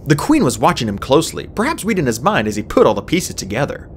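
A woman narrating a fantasy audiobook in an expressive storybook style. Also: fast talker, slight background noise. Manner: expressive, swings pitch widely.

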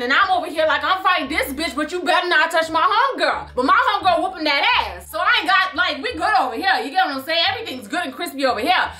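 Brash, lively young woman telling a storytime. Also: sits high. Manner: animated, brash and profane, with comic asides. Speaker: vlogger. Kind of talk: storytime vlog. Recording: echoey room.

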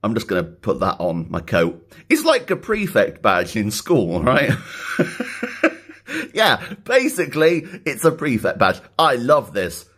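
A man unboxing a package in a casual vlog, joking and laughing, excited and upbeat. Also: medium pitch, slow, slightly rough. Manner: excitable, jokey, laughs often. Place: indoors, later outside in his back garden.

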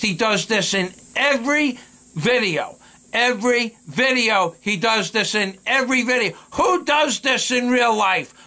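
A man's voice: sits high, bright, forceful tone. A man delivering an angry, scornful commentary rant to his viewers, hurling insults and repeating his points over and over. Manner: scornful, insulting, repetitive ranting. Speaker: video blogger.

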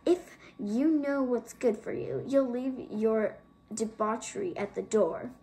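A woman reading an audiobook, voicing a stern, pious female administrator with a sharp, nasal tone and a spiteful, preachy manner. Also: fairly high pitch, takes it slowly, slight background noise, rough recording. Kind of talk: audiobook character voice.

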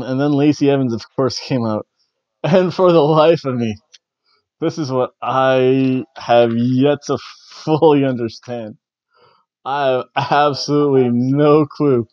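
A man's voice: medium pitch, darkish tone, dry recording, dull audio. A man hosting a podcast, giving a casual, rambling recap of a wrestling show and chuckling often. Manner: rambling, chuckling, slightly awkward. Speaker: podcast host.

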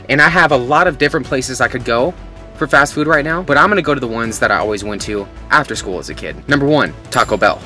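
A young man hosts a casual food vlog, speaking straight to the camera in an upbeat, chatty way. His voice sits at an ordinary middle pitch. Clear background music plays under his talk. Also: pushed and bright. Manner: chatty and upbeat, addresses viewers as folks. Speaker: food vlogger.

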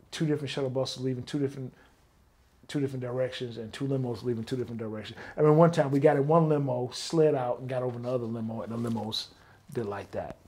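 A middle-aged man, telling stories in a casual interview and acting out the dialogue. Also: mid-range voice. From Detroit, US. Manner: animated, acts out quoted dialogue. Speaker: interview guest, former bodyguard.

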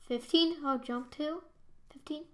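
A young woman commentating a Minecraft match, excitable and prone to squealing and shouting when things happen in the game. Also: high voice, a little slow. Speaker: gaming YouTuber. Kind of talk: Minecraft let's play commentary.

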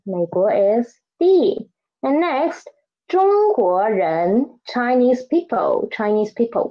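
Slow-speaking woman teaching a language lesson. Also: a little high, dull audio. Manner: slow, repeats words for learners to echo. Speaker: Chinese teacher.

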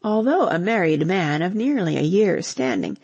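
A woman narrating a novel as an audiobook in a measured, expressive way. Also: mid-range voice, vocal fry, slightly rough, no echo, muffled recording. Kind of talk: scripted narration.

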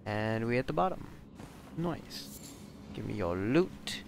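A man giving casual, excitable let's-play commentary, swearing and exclaiming often. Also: medium pitch, very slow, pauses often, slight background noise. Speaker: gamer.

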